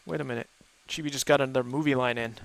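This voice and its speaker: A chatty, easygoing man talks casually with friends while playing a game. His voice has a gravelly edge and sits at a middle pitch, and he often stops to think out loud. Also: steady tone, very fast, a little hiss or hum. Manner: thinks aloud with fillers. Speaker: gaming host playing with friends. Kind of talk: casual chat while gaming.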